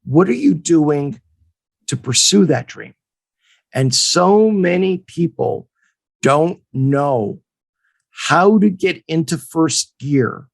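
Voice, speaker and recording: A man in his fifties from Montreal, co-hosting a podcast and telling a casual story in an animated way, acting out the people in it. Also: fairly high pitch, vocal fry, no echo. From Montreal, Canada. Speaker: podcast co-host and hockey agent.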